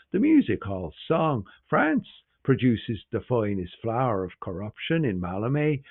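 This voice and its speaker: A man's voice: on the low side, vocal fry, heavily acted. A man voicing an earnest male mystic poet who speaks in a solemn, preaching way. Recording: tinny, phone-like sound.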